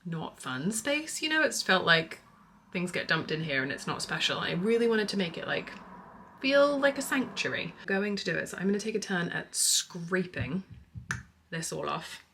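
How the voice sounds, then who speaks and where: A woman in her thirties chatting casually to camera at home in a family vlog, reflective and talkative, with soft laughs. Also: lowish voice, sing-song, normal speed, slight background noise. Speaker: family vlogger.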